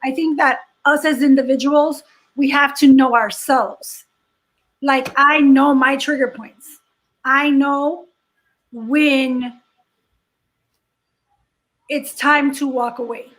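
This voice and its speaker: A woman's voice: high voice, fairly even intonation, takes it slowly, pauses often, a bit bright, rough recording. A woman co-hosting a podcast in casual chat, speaking earnestly and reflectively with occasional jokes. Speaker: podcast co-host.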